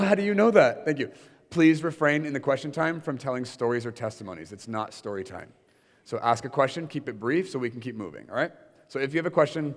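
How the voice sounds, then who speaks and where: A young adult man leads an informal teaching session before a room of listeners, speaking conversationally with many fillers and acted-out quotes. His mid-range voice trails off in a long reverb tail.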